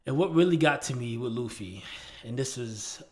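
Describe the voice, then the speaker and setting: At a moderate pace and in a mid-range voice, this man co-hosts a podcast and chats casually. He spins animated, slangy stories, often stopping to restart and leaning on fillers.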